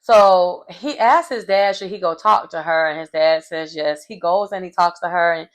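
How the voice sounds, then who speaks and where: A woman's voice: lowish voice, moderate pace. Sassy woman recapping reality TV. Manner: sassy, colloquial, animated, laughs often. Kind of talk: casual TV recap commentary.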